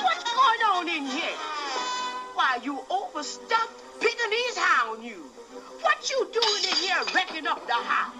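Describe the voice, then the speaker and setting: A woman's voice: extremely high pitch, big pitch swings, unhurried, full character voice, rough recording. A woman voicing a bossy housekeeper in an old cartoon, scolding a dog in an exasperated drawl. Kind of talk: vintage cartoon voice acting. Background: loud music score.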